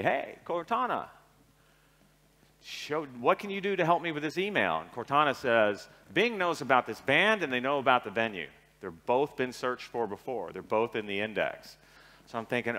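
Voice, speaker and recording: In a large arena, a middle-aged man from Seattle gives an irreverent, joking conference keynote, acting out little dialogues. His voice is medium-pitched with a sharp tone, and the recording carries arena reverb.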